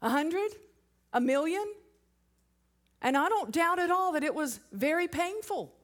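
A woman's voice: very high voice, expressive, a little slow. A woman preaching a sermon, emphatic and asking the congregation rhetorical questions.

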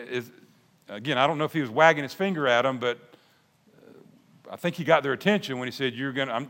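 An older man preaching a sermon, folksy and animated, with restarts and asides. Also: fairly high pitch. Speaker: pastor. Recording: long hall reverb.

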